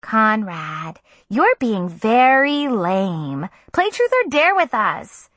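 A bossy teenage girl nags and prods the others, insistent and teasing, as a woman narrator reads her lines in a soft, breathy storybook voice. The recording is dry and close. It moves at a slow, unhurried pace. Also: fairly high pitch, very animated, no echo, full character voice.

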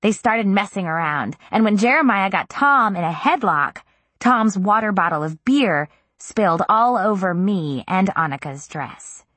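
A woman narrating a first-person novel in an intimate, even storytelling manner. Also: medium pitch, unhurried, no room sound. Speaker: audiobook narrator.

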